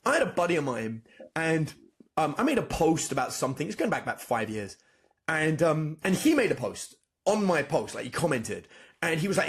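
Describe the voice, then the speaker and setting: A man, a dating coach, telling animated stories as a podcast guest, acting out both sides of past conversations. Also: on the high side, brisk. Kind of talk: storytelling in a podcast interview.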